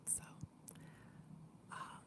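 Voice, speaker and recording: Whispering woman with laryngitis. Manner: whispered, with frequent pauses and fillers. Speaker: livestream host. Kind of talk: casual livestream talk. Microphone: mouth close to the mic.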